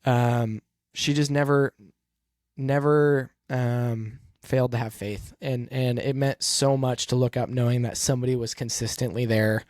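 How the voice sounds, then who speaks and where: A man with a mid-range voice tells a personal story in a halting, soft-spoken way, full of pauses and fillers. He sounds earnest and emotional. The recording is dry and close, with no room sound. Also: medium pitch, steady tone, no room sound. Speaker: podcast host and race car driver.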